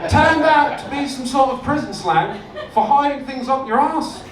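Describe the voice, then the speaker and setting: A stand-up comedian tells his stories deadpan and lands punchlines in a high voice. He is heard from a distance in a roomy club, with live-room noise behind him. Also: moderate pace.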